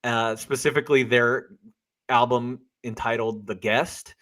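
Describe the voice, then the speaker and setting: A man's voice: mid-range voice, fairly even intonation, unhurried, a bit bright. Dry, teasing man in podcast chat. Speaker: podcast co-host. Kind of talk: casual chat.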